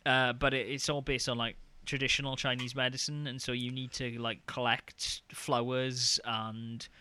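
A man chatting casually about video games as a podcast co-host, rambling with lots of fillers and getting animated when excited. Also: medium pitch, normal speed, slight background noise. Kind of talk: casual gaming chat.

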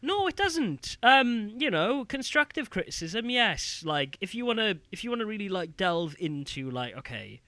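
A man's voice: sits high, moderate pace, few pauses, no room sound. A British man co-hosting a podcast, chatting casually and ranting with lots of fillers. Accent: British English. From United Kingdom. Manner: animated, ranting, many fillers. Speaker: podcast co-host. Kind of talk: casual chat.

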